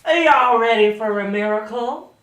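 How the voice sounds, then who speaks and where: A man putting on a booming televangelist. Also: normal speed, noisy background, natural voice. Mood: rousing. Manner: rousing, call-and-response preaching. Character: hammy booming male televangelist preacher. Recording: echoey room, mic at a distance.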